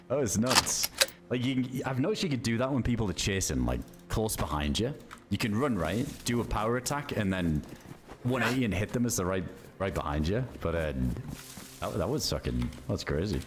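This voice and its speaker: A man giving loose, profane, casual commentary while streaming a game. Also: medium pitch.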